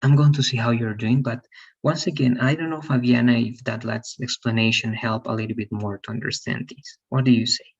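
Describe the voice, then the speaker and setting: A man teaches English grammar in an online class. He explains patiently, goes over points again, and keeps asking whether his students follow. His voice is slightly husky, and the call audio sounds a bit muffled. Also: mid-range voice, fairly even intonation, brisk. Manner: patient, repetitive explaining with frequent "all right?" checks.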